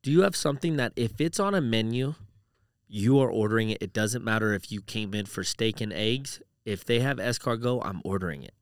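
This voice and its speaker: A man's voice: on the low side, animated, brisk, smooth, no echo, studio quality. A man co-hosting a podcast in casual, rambling chat, full of "like" and "dude". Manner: rambling, uses "like" and "dude" a lot. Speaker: podcast co-host.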